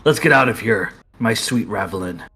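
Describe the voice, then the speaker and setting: Guy doing a proud dad, low firm voice, protective. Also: lively intonation, measured pace, fairly bright tone, breathy edge, full character voice. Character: protective, proud father with a magical whip.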